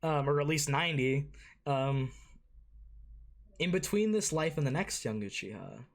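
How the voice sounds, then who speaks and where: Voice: medium pitch, expressive, unhurried. An anime reaction host giving casual, rambling commentary, swearing freely and full of fillers and restarts.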